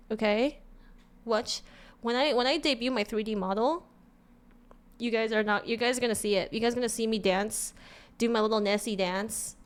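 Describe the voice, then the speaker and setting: On a live stream, a Californian woman with a matching accent chats casually, bubbly and giggly, often tripping over and repeating her words. Her voice is on the high side and smooth.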